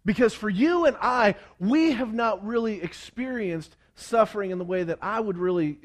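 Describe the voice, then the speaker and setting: A man with a high voice preaches to a congregation at normal speed, animatedly telling a story with many stumbling restarts and acted-out quotes.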